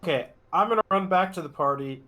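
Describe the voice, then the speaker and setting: A man's voice: high voice, animated, fast talker, sharp tone. A man playing a tabletop game, talking eagerly and casually with slang as he declares actions. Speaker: player.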